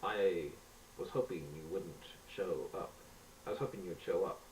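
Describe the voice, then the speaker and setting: Give me a man playing a mocking mutant villain, low-voiced, recorded from a distance with light hiss. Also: moderate pace, darkish tone, echoey room, natural voice. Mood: gloating. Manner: taunting, mocking. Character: gloating evil male mutant swordsman villain.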